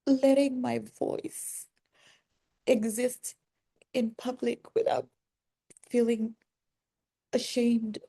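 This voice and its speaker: Slow, gravelly, soft-spoken woman. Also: a little high, steady tone. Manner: halting, pausing and restarting, soft-spoken and earnest. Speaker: vlogger. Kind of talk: personal reflective vlog.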